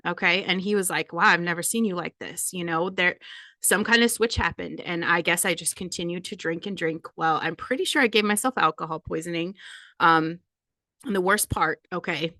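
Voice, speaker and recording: A woman in her forties speaks candidly, holding back tears. Her voice is bright and forceful and sits a little low. The recording is dry and close, with no room sound. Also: moderate pace, no echo. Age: 40s. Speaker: podcast host. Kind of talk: personal confession monologue.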